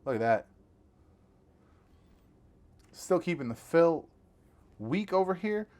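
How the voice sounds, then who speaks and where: A young man hosting a casual tech review vlog from a small home studio. He talks straight to his viewers in an excited, slangy way. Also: a little high, slow pace. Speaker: tech reviewer, channel host.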